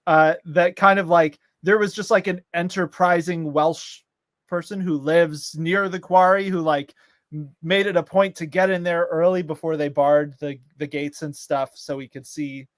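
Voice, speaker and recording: A man's voice: a little high, fairly even intonation, moderate pace, no room sound. A man co-hosting a casual show, rambling and ranting, full of fillers. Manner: ranting, exasperated. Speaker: podcast co-host. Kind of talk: casual chat.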